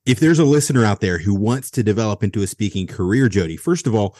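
A man with a slightly low voice hosts an interview podcast. He jokes with his guest and asks long, loosely built questions. The sound is dry and close, with no echo. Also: expressive, quick pace, mellow. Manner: upbeat interviewer, playful banter, rambling questions. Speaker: podcast host. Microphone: podcast studio microphone.

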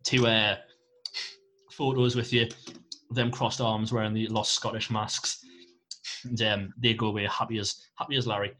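A man's voice: fairly low pitch, flat delivery, moderate pace, long pauses, pushed and bright. Guy running a tabletop game, rambly and full of ums, bit of background hiss. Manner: rambling, filler-heavy storytelling. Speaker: game master.

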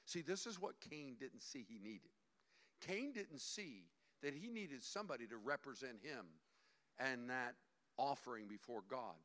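Lively, bright-voiced male preacher. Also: mid-range voice. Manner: animated, acts out voices. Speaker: pastor. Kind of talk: sermon.

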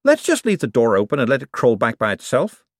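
A man reading an audiobook, voicing a brisk, outspoken young woman with a quick, wry delivery. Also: a bass voice, wildly swooping pitch, no echo, studio quality, pitched above the performer's own voice, full character voice.

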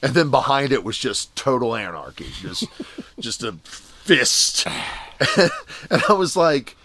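An animated man spins a story in casual talk, his pitch leaping up and down. He laughs often and breaks into the voices of the people he describes. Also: slow pace, crowd noise. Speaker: podcast co-host telling a story. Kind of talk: casual chat.

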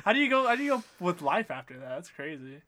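Young man, higher voice, very animated pitch, teasing, loud laughs, chatter behind. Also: fast talker. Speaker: podcast co-host. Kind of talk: casual chat.

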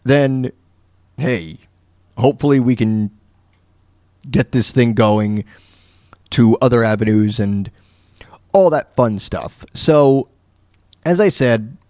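A man's voice: mid-range voice, slow pace, long pauses, a little mellow, no room sound, clean studio sound. A man from Florida hosting his own podcast, telling a story in a loose, rambling way with lots of fillers and restarts. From Florida, USA. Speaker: podcast host. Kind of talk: casual storytelling monologue.

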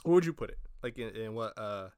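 A man co-hosting a casual podcast, chatting in a relaxed, agreeable way and often saying "alrighty.". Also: on the low side, fast talker, smooth, no room sound. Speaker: podcast co-host. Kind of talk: casual chat.

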